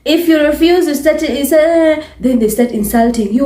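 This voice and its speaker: A woman's voice: high-pitched, moderate pace, hardly any pauses, dark tone. Emphatic Ugandan woman in echoey room. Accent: Ugandan English. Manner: emphatic, repetitive, exasperated. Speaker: vlogger. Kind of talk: casual talk to camera.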